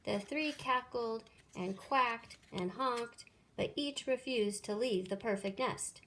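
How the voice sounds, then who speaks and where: Slow, expressive woman reading a storybook. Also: a little high, a little hiss or hum. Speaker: teacher reading aloud. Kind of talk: children's picture-book read-aloud.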